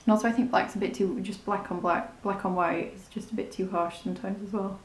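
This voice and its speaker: A woman's voice: mid-range voice, fairly even intonation, a little fast, roomy sound, a little hiss or hum. A woman talking through a makeup tutorial in a chatty, rambling, self-deprecating way. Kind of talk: casual step-by-step tutorial narration.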